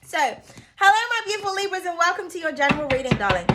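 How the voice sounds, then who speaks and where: A woman's voice: very high voice, big pitch swings, fast, background noise. A young woman giving a casual tarot reading to her viewers, playful and loose, swearing freely and calling them darling. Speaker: tarot reader.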